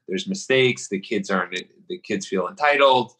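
A man's voice: low voice, moderate pace, a bit bright, slightly rough, low-quality recording. A man hosting a podcast interview, asking eager, upbeat questions. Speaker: podcast host. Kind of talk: casual interview.

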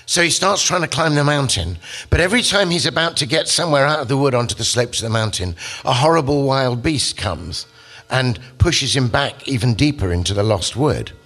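A man giving a literature lecture, telling the story with animated, acted-out quotes. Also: medium pitch, a little fast.

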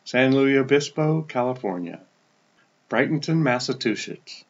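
Casting note: man podcast host, easygoing, list-reading delivery, muffled lo-fi sound. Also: measured pace. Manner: relaxed, stumbles over foreign names and apologizes; pitch drops at the end of each place name. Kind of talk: casual podcast update, reading a list of listener locations.

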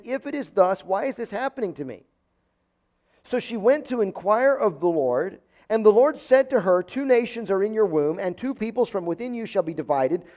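A man's voice: high-pitched, mellow, highs cut off. A man preaching an expository Bible lesson, earnest and emphatic, sometimes stumbling and repeating words.

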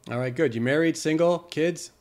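A man's voice: fairly high pitch, moderate pace, a little mellow. Upbeat man hosting a podcast. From Canada. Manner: upbeat, joking. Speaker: podcast host. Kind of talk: casual interview.

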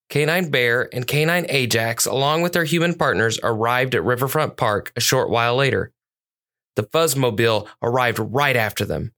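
A storyteller narrating a children's police story at a measured, clear pace. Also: medium pitch, a bit bright.

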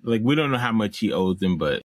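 A man's voice: on the low side, lively intonation, fairly quick, no room sound, low-quality recording. A man co-hosting a podcast, retelling a film's plot in casual chat with restarts and playful asides. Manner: rambling plot recap with restarts and playful quoted voices. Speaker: podcast co-host. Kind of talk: casual chat recapping a film.

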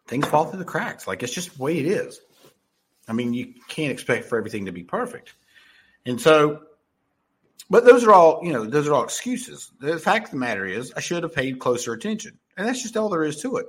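Husky profane man rambling through a story. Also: medium pitch, a bit bright. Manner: profane, rambling, lots of fillers and restarts. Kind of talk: casual storytelling monologue.

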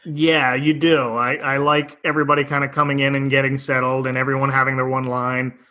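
Bright-voiced, dryly wry man. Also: medium pitch, little pitch movement, a little fast. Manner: short agreeing replies, dry wry humor. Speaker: podcast co-host. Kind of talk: casual chat about a holiday special. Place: lives in the U.S. South.

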